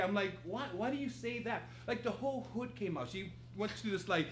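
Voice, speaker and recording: A man's voice: sits high, fairly quick, few pauses. A man telling a funny story on stage at a live improv theater, laughing and acting out quotes. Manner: animated, laughing, acts out quotes. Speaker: guest storyteller. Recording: echoey theater with noise.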